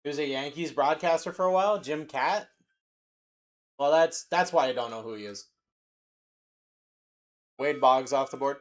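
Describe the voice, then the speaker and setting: A man's voice: on the high side, moderate pace, long pauses. A young man hosting a card-break livestream, bantering loosely and joking while he calls out cards. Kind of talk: casual live-stream chat.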